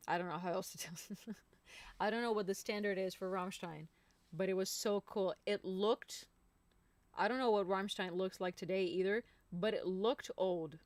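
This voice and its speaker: Slow-talking, chatty woman streamer. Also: medium pitch, no room sound. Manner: chatty and rambling, addresses viewers as "my people". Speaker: singer hosting a live stream. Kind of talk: casual chat with viewers.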